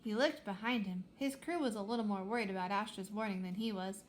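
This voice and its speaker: A woman reading a children's space adventure aloud with lively, expressive storytelling. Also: medium pitch, a little fast, slight background noise. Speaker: reader.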